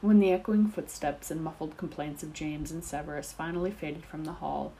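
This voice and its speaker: A woman narrating a fan fiction chapter aloud in a steady, descriptive reading. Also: deep voice, moderate pace, a little hiss or hum, rough recording.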